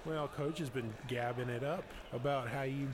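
A man's voice: medium pitch, fairly even intonation, moderate pace, noisy background, close to an everyday voice. A man playing a goofy, confused young football player.

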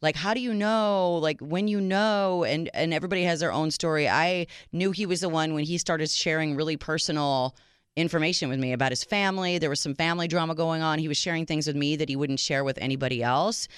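Woman, radio co-host, emotional, laughing, smooth voice, dry sound. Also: low voice, quick pace, no echo. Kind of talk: casual radio chat.

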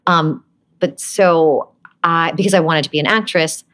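A woman's voice: low-pitched, measured pace. A woman from Brooklyn, an actress being interviewed, telling stories casually and laughing often. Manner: laughs often, animated storytelling.

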